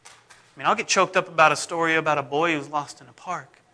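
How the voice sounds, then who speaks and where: A middle-aged man, a pastor, preaching in a conversational, self-deprecating way whose phrases often fade off softly. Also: on the high side, fairly even intonation, quick pace. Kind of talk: sermon.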